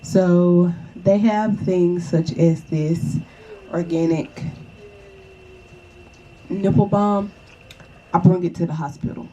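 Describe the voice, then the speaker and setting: A woman's voice: lowish voice, fairly even intonation, takes it slowly, long pauses, warm tone, highs cut off, slight background noise. A young woman chatting casually and reassuringly to the viewer, often checking in with "okay?". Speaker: vlogger. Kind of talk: casual advice chat.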